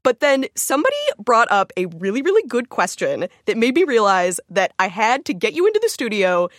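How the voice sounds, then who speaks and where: A woman's voice: on the high side, big pitch swings, brisk, no echo. Young female radio producer, casual storyteller, dry close studio sound. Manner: chatty, storytelling, many "like" fillers.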